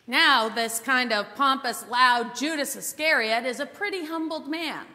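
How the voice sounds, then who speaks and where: A woman preacher teaching a Bible sermon as an expressive storyteller with dramatic pauses. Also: sits high. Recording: long hall reverb.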